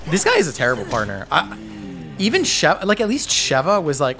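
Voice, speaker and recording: A man giving panicky, excitable commentary while playing a video game, talking to himself and cheering out loud. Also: fairly high pitch, fairly quick, creaky, faint music behind. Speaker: gameplay streamer. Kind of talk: live gameplay commentary.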